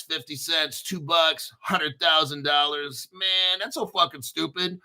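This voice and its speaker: An American man hosting a crypto channel, reading an article aloud and riffing on it in a rambling, profane, hyped-up way while clearing his throat. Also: high-pitched, pushed and bright. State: throat clearing, using a cough drop. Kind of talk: casual video commentary reading an article.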